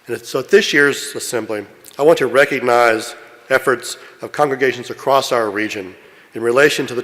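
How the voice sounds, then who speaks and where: Man with fillers in a reverberant hall. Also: medium pitch. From Kentucky. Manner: steady listing with frequent fillers when speaking off-script. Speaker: board president presiding. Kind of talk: formal meeting address, reading a list. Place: large meeting hall.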